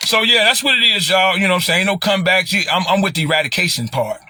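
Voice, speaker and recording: A middle-aged man from Chicago with a Chicago accent, talking on a livestream in an animated, preachy way and repeating phrases. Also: high-pitched, quick pace, hardly any pauses, slight background noise. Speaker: livestream commentator. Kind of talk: casual livestream talk.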